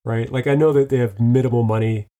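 A man's voice: medium pitch, fairly even intonation, fast talker, warm tone. A man co-hosting a casual chat, rambling through a recap with fillers and frequent laughter. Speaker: podcast co-host.

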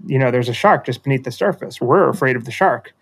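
A man's voice: mid-range voice, expressive, quick pace, gravelly, breathy edge. A man voicing a frightened fish in a spoken story, in a plain voice. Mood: scared, explaining. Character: frightened fish fleeing a shark.

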